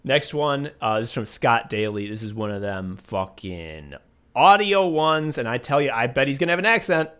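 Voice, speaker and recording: A man's voice: mid-range voice, lively intonation, normal speed, fairly bright tone, clear, resonant tone. A man co-hosting a podcast, rambling and joking in casual chat while reading listener messages aloud. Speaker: podcast co-host.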